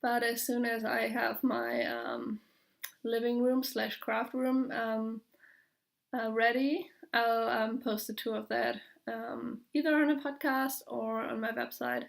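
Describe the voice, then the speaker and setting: A young woman from Germany with a German accent, chatting casually on her podcast, pausing often with fillers and small laughs. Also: a little high, expressive, vocal fry. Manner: hesitant, full of fillers, light laughs. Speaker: podcast host. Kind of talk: casual video podcast chat.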